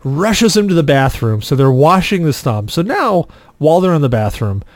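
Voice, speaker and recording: A man telling a story on a casual podcast, his voice rising and falling widely as he acts out the people in it. The sound is dry and close, with no room echo, and his voice sits a little high for a man. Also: normal speed. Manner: animated storyteller, acts out quotes loudly. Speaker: podcast host.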